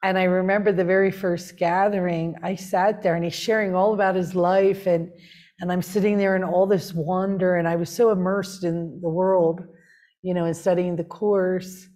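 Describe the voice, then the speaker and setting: A woman's voice: on the low side, level tone, moderate pace, dark tone. A woman sharing her spiritual story in an earnest, rapt way, with many fillers. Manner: earnest and rapt, with frequent "like" and "you know" fillers. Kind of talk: heartfelt conversational sharing.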